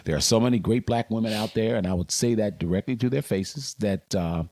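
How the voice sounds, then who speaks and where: A man's voice: on the low side, brisk, a little mellow, slight background noise. An older man, a veteran sportscaster, telling stories emphatically as a guest in a podcast interview. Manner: emphatic, dramatic storyteller.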